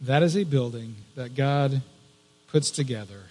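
A man's voice: mid-range voice, dark tone. Man preaching in a reverberant hall. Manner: conversational, halting with fillers and restarts. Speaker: pastor. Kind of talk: sermon storytelling. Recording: long reverb of a large hall.

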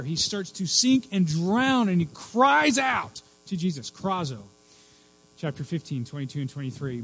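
A man preaching a sermon as pastor, dropping to a hush and then rising to loud cries for emphasis. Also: on the high side, rough recording. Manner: swings from hushed to shrieking for emphasis.

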